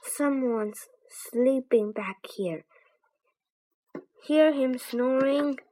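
A woman voicing a bold, excitable young girl in a storybook reading, speaking in bright, eager exclamations. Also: sits high, extremely slow, pitched above the performer's own voice, rough recording.

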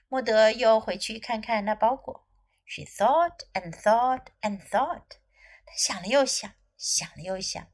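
Slow, lively bilingual storytelling teacher. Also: female voice, on the high side. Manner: slow, clear teaching delivery with repetitions. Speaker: English teacher. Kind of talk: bilingual children's story reading.

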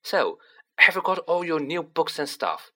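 A man's voice: a little high, big pitch swings, measured pace, bright, forceful tone, voice pushed up, heavily acted. A man voicing a modest, earnest teenage boy wizard who talks plainly and a little sheepishly.

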